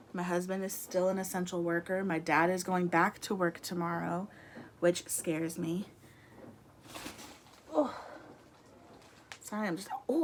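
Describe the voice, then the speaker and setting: A woman's voice: lowish voice, slight background noise. A young woman chatting casually to camera from her room at home, rambling and laughing as she talks, a little out of breath. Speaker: vlogger.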